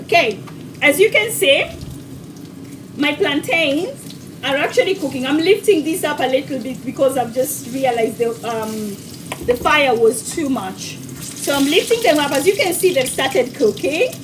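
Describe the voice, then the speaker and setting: A woman with a high, bouncy voice hosts a live cooking stream from her home kitchen. She chats warmly with viewers, calling them sweetheart. Her voice is a little distant from the mic, and there is faint noise behind her. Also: lively intonation, a little slow. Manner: chatty and affectionate, calls viewers sweetheart. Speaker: cooking show host.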